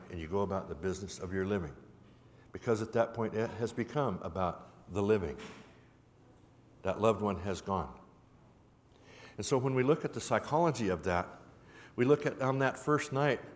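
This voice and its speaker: Low-voiced man telling it in a reverberant hall. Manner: rhythmic, repetitive storytelling cadence; folksy, gently humorous. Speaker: symposium speaker. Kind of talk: public talk. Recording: reverberant hall with faint background noise.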